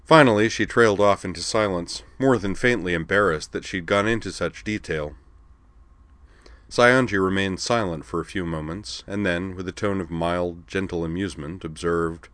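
A man reading a story aloud as an audiobook narrator, in a steady, even storytelling manner. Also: low voice, moderate pace, dry recording. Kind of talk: scripted narration.

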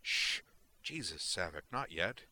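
A man's voice: deep voice, very animated, slow pace, bright, forceful tone, exaggerated voice. A man voicing a tense defendant captain.

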